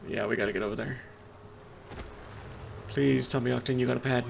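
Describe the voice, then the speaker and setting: A man giving excitable, panicky live commentary on his own gameplay, muttering to himself between outbursts. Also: mid-range voice, fairly quick, creaky, a little hiss or hum. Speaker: gameplay streamer. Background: loud gunfire from the game.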